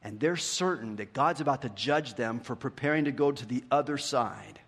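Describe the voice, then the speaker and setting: Animated preaching man in a reverberant hall. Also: mid-range voice, moderate pace, breathy edge. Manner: animated storytelling, swings from hushed questions to lively retellings. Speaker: pastor. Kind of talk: sermon.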